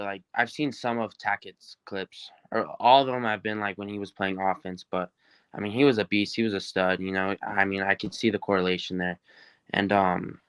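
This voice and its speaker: A teenage football recruit from New Mexico, answering interview questions in an upbeat, rambling way with many fillers. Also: male voice, on the low side, fairly bright tone, clean tone, no echo. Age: teens.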